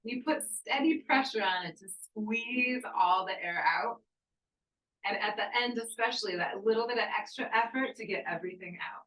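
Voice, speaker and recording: A woman yoga instructor guiding a breathwork class with calm, encouraging cues and slow counting. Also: mid-range voice, roomy sound, recorded from a distance, low-quality recording. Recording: voice from off the mic.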